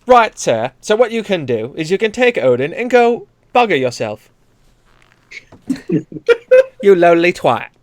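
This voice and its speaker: Brief: a man playing a rude mock-posh Englishman, high pitched, dry close sound. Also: very animated, unhurried, pauses often, dry recording. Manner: insulting, mock-formal.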